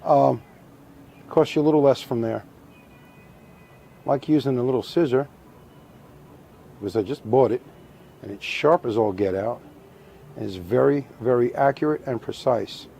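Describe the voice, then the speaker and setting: Middle-aged guy walking you through a craft demo, calm and methodical, dark mellow voice, repeats himself, dry humor. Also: medium pitch, moderate pace, gravelly, pauses often, slight background noise. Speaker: taxidermy instructor. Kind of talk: hands-on demonstration.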